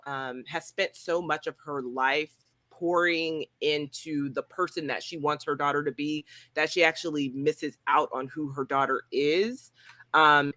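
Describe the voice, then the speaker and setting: A woman reviewing a TV series on a casual roundtable, talking in an animated, slangy way and laughing often. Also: low voice, dry recording. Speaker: film and TV critic.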